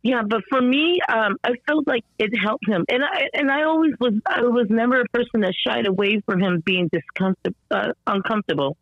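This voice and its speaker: A woman as a podcast guest tells her story in an animated, rambling way, full of fillers and restarts, and acts out the people she quotes. Her voice sounds slightly strained. The recording is dull and lo-fi with a dry, close sound. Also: on the high side, a little fast, hardly any pauses, no room sound. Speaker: podcast guest, mother of an autistic son. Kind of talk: conversational storytelling interview.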